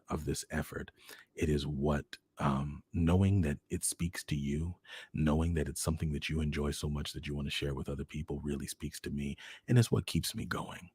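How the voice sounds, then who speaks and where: A man hosting his own livestream, talking earnestly and expressively to his viewers and often dropping into hushed, near-whispered phrases. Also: rumbling low, husky, no room sound. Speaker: host. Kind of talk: heartfelt direct-to-camera livestream talk.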